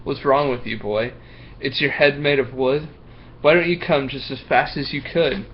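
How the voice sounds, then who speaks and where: A man voicing a strict female schoolteacher in a high, shrill put-on voice, scolding in rhyme while reading a picture book aloud. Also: fairly even intonation, moderate pace, lo-fi sound, slight background noise, close to an everyday voice. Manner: stern, indignant scolding in rhyme.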